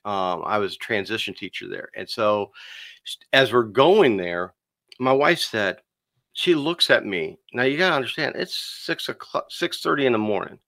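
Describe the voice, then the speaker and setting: A man on a podcast telling a personal story in a lively, conversational way, acting out the dialogue and calling the listener "dude.". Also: fairly low pitch, moderate pace, dry recording. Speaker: podcast guest.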